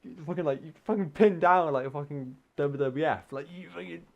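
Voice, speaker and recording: A man from the UK casually telling a long story, swearing often, laughing mid-sentence and acting out shouted quotes. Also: on the high side, brisk, gravelly. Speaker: gaming podcast co-host telling a story.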